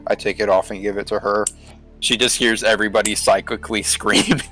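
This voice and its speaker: A man's voice: lowish voice, flat delivery, fairly quick, pushed and bright, rough recording. A man playing in a tabletop game, narrating his character's actions and laughing easily. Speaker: player. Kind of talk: tabletop role-play.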